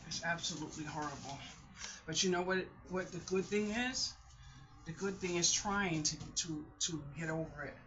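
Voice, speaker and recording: A middle-aged woman talking in a casual vlog, candid and rambling, often restarting her sentences. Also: sits low. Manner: candid, rambling, self-interrupting. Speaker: vlogger. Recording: dull lo-fi sound.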